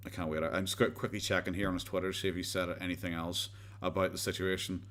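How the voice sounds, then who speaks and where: A man's voice: deep voice, level tone, fast talker, fairly bright tone. An Irish man hosting a casual commentary livestream, rambling sarcastically with frequent stumbles and restarts. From Ireland. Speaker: livestream host.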